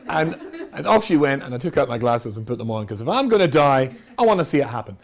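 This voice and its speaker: A man's voice: mid-range voice, very animated, quick pace, slight background noise. A middle-aged man, a rabbi, giving a humorous storytelling talk in a wry, self-mocking way, often laughing at his own jokes.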